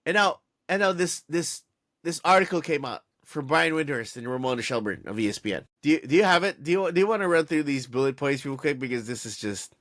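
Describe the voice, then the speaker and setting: An animated man co-hosting a sports podcast, venting with exasperation and tripping over his own restarts. His voice sits a little higher than most men's. The sound is dry and close, with no room around it. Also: fairly quick, no echo. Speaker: podcast co-host. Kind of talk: casual sports podcast chat.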